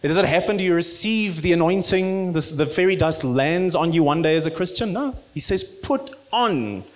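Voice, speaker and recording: A man preaching a sermon, rising to loud emphatic peaks and dropping to hushed, low tones. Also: animated, normal speed. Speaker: pastor.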